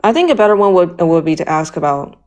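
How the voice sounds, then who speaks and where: Low-voiced young woman, filler-heavy talk. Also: animated, quick pace, darkish tone. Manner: hesitant, many fillers. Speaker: debate guest. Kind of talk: casual political debate.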